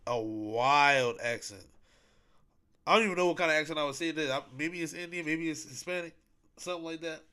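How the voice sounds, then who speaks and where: A man with a slightly higher-than-usual voice hosts a podcast on his own. He chats casually and rambles, repeating himself and leaning on slang and fillers. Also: a bit bright. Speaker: podcast host. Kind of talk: casual solo podcast chat.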